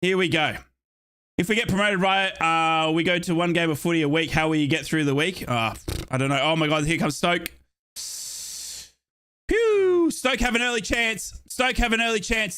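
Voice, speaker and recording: A young man with an Australian accent calls a football match live for his fans. His voice sits a little high and sounds bright and forceful. He talks in a chatty, excitable way, with playful asides. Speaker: fan commentator on a match watchalong. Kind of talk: live play-by-play football commentary.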